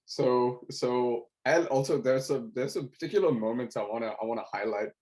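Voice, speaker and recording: A young man co-hosting a casual podcast over a video call, excitable and joking, swearing often. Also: medium pitch, moderate pace, low-quality recording. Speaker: podcast co-host.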